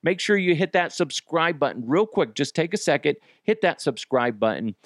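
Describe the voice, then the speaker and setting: Profane, ranting man with a lively voice. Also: on the high side, normal speed, no echo, clean studio sound. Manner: profane, exasperated venting with sudden yelling. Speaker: podcast host. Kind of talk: solo ranting podcast.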